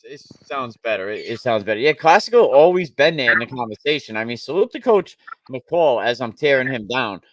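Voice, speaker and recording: A man's voice: mid-range voice, expressive, fairly quick, no room sound. Guy ranting about school sports, blunt, repeats himself, dry sound. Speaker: show host. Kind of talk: casual sports talk.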